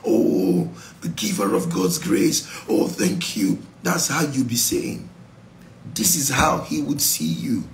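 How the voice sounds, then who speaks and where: A man's voice: on the high side, creaky, reverberant, slight background noise, poor audio. A Nigerian-accented male pastor teaching a Bible study sermon in an exhortative way, slipping into pidgin asides. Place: church.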